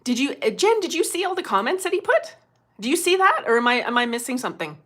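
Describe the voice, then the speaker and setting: A middle-aged woman, hosting a casual livestream as a medium, chatty and quick to laugh, greeting viewers by name. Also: high voice, sing-song, a bit bright.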